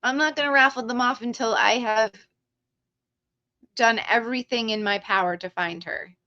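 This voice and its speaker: Excitable, bright-voiced woman streamer. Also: on the high side, normal speed, no echo, dull audio. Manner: excitable, talks straight to her chat viewers. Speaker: live stream host. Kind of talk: casual live-stream chat.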